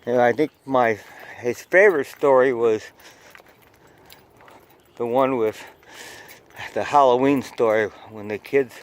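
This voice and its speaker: A man chatting casually to his viewers while he hikes outdoors, filming on his phone and rambling from one memory to the next. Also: mid-range voice. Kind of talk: casual hiking vlog narration. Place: outdoors on a hillside trail overlooking a city. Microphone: phone camera held while hiking.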